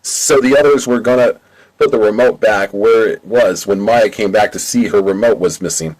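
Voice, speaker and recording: A man's voice: on the low side, moderate pace, darkish tone, low-quality recording. A man narrating his own amateur audiobook in a plain, casual storytelling way. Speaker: audiobook reader. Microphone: home mic.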